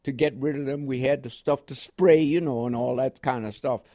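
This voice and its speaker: A man's voice: mid-range voice, steady tone, moderate pace, mellow. An older American man reminisces in a radio interview. He rambles and circles back, leaning on fillers and restarts as the stories unfold. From United States. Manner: rambling storytelling with frequent fillers. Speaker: guest.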